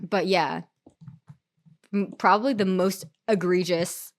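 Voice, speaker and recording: A woman's voice: lowish voice, steady tone, slow. A young adult woman streamer telling a story in casual chat, rambling with lots of "like" and restarts.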